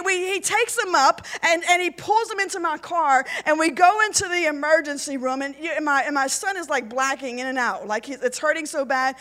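A woman's voice: high-pitched, bright, forceful tone. A woman pastor telling a personal testimony in a chatty, rambling way, full of "like" and "and so". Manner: chatty, rambling, many "like" and "and so" fillers. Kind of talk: storytelling testimony.

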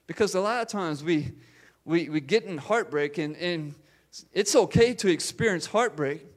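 A man's voice: on the high side, lively intonation, moderate pace. A man preaching a sermon in an earnest way, often repeating phrases and restarting his sentences.

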